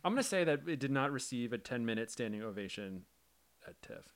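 A man's voice: mid-range voice, lively intonation, brisk. A man co-hosting a casual film podcast, tossing out dry wisecracks. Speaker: podcast co-host.

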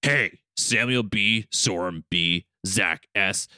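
A man doing a gruff superhero mutant. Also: lowish voice, takes it slowly, bright, forceful tone, dry recording, studio quality, pitched below the performer's own voice, heavily acted. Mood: mock-grateful.

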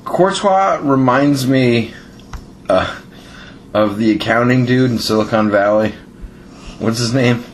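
A man's voice: mid-range voice, takes it slowly, pauses often, slight background noise. A man hosting a casual sports podcast, joking and talking over his co-hosts. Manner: joking, lively, talks over others. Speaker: podcast host.

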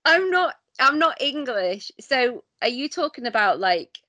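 Bright-voiced Manx woman. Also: high-pitched, big pitch swings, unhurried, no room sound. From Isle of Man. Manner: chatty, laughs easily. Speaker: guest, parent. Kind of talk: casual podcast chat.

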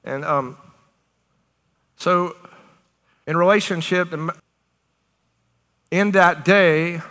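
A woman preaching a charismatic sermon, animated and excited, often laughing between phrases. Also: fairly low pitch, very slow. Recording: long hall reverb.

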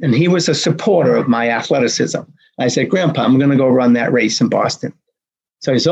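Animated storyteller man in his sixties. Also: medium pitch, a little fast, vocal fry, slightly rough. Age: 60s. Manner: animated storyteller, acting out dialogue. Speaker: marathon race director, guest. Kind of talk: storytelling interview. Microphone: video call.

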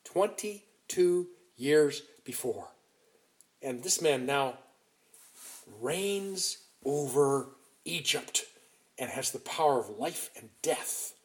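A man preaching a sermon, retelling a scripture story in an animated, emphatic way with frequent restarts. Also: medium pitch, takes it slowly.

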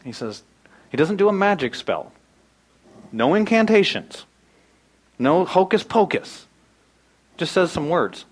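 A man in his thirties preaching a sermon, animated, swinging from loud bursts to hushed asides. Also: sits high, a little slow, long pauses, low-quality recording. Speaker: pastor.

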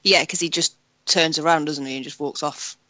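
A co-host in casual conversation, quick to agree and add their own take. The voice is bright and the room is dry and close. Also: medium pitch, steady tone, no echo. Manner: chatty, chiming in with quick agreement. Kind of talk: casual podcast chat.

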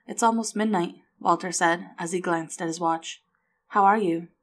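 A woman narrating a novel aloud, reading the dialogue softly and without strong character voices. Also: fairly low pitch, steady tone, normal speed, slight background noise. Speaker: audiobook narrator. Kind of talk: scripted narration.

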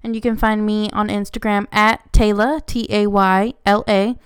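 Smooth-voiced young woman, blunt casual podcaster. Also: medium pitch, level tone, moderate pace. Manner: blunt, swears freely, joking. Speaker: podcast co-host. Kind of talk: casual chat.

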